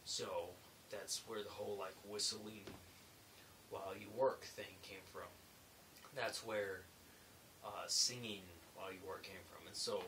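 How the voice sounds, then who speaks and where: Guy a bit far from the mic, soft hiss behind, chatting loosely about his construction job. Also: sits low. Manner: rambling, loose, with many fillers. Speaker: construction laborer vlogger. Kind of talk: casual late-night storytelling. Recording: faint hiss, mic set back.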